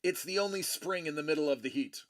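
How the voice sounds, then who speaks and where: A man's voice: fairly high pitch, quick pace. A middle-aged man hosting a casual collectibles show, rambling and joking as he tells stories with many restarts. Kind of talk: casual chat.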